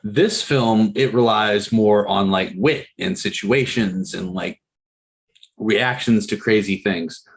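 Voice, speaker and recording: A man's voice: fairly low pitch, slow. A man co-hosting a movie podcast, chatting casually with lots of fillers and restarts. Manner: rambling, filler-heavy, animated. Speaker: podcast co-host. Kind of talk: casual chat about movies.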